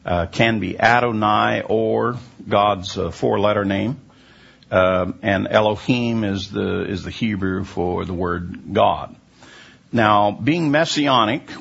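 A man with a low, gravelly and husky voice gives a question-and-answer Bible teaching. He explains things patiently and unhurriedly, stopping often on "uh" as he searches for words. The recording sounds dull and lo-fi. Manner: unhurried, explanatory, frequent "uh" hesitations.

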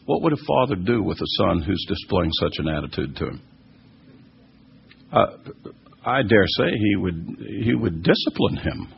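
Gravelly-voiced man teaching scripture. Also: on the low side. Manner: earnest, emphatic, many fillers and restarts. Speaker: Bible teacher answering questions. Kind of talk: sermon-style question and answer teaching. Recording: dull lo-fi recording.

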